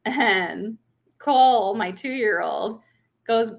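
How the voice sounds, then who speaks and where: A woman's voice: mid-range voice, a little slow, fairly bright tone. Chatty young woman livestreaming. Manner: chatty, laughs often, reads comments aloud. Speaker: vlogger hosting a livestream. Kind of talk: casual livestream chat.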